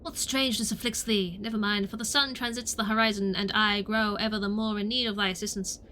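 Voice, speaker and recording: A woman's voice: mid-range voice, fairly even intonation, brisk, pushed and bright, slight background noise, close to an everyday voice. A woman voicing a formal, old-fashioned landlord in a video game, speaking in archaic phrasing.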